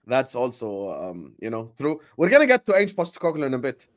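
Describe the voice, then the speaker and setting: A man's voice: medium pitch, wildly swooping pitch, a little fast. A man hosting a live-streamed football show, reading viewer messages aloud and hyping up the chat. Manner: upbeat, gives shout-outs to viewers and hypes the chat. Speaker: host.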